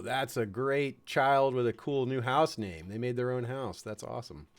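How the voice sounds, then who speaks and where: A man's voice: mid-range voice, animated, measured pace, few pauses. A man from the United States giving chatty, chuckling commentary on a strategy game, fond of puns. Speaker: game streamer.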